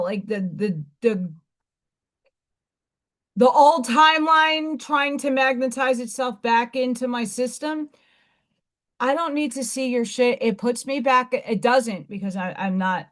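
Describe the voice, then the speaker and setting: A woman hosting her own live stream talks in a loose, rambling way, restarting her sentences and dropping blunt asides. Her voice sits fairly high, and she takes her time between phrases. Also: a bit bright. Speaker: livestream host. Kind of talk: casual live-stream chat.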